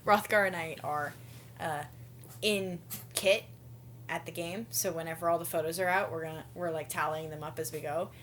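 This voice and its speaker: A Southern American woman with a bright voice chatting excitedly, laughing often as she retells moments. Faint noise hums under the recording. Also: lowish voice, moderate pace, long pauses. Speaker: larp player, co-interviewee. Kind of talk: casual chat.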